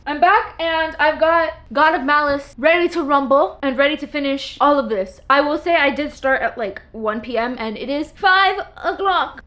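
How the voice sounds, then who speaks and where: A woman's voice: high voice, fairly bright tone. A woman casually chatting to the camera at home while rearranging her bookshelves, rambling with lots of fillers and the odd swear. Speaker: book vlogger. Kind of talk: casual chat.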